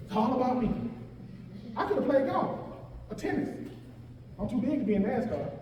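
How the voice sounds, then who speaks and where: A man in his forties gives an animated motivational talk to young athletes, joking and calling out to the crowd. His voice sits very high for a man. It rings through a big echoey hall, heard from well off the mic over clear room noise. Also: moderate pace. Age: 40s. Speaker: guest speaker. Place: large event hall. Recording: echoey hall, voice picked up from far off.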